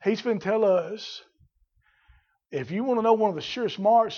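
A man preaching a sermon, building from plain talk to shouted fervor in folksy dialect. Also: high-pitched, moderate pace, long pauses, muffled recording. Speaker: pastor.

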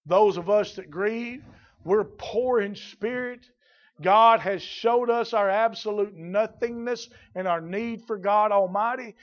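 A male preacher delivering a sermon, moving from quiet explanation to loud, drawn-out exclamations. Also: sits high, dull audio. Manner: swings from quiet teaching to shouted, drawn-out exclamations.

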